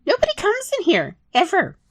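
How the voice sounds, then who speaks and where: A woman's voice: extremely high pitch, wildly swooping pitch, fairly quick, no room sound, clean studio sound, voice pushed up, heavily acted. A woman voicing a small, cheeky rat that chatters in a matter-of-fact way. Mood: chatty. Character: cheeky, chatty little rat, high and squeaky.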